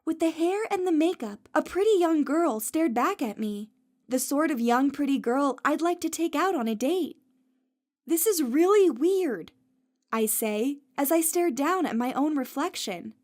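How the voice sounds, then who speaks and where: A woman's voice: high voice, animated, moderate pace, darkish tone. A woman narrating a first-person audiobook story in a light storytelling manner.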